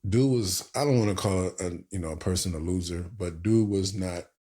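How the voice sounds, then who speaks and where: A married man and podcast host, telling a story in a casual, animated way and acting out the dialogue. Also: deep voice, moderate pace.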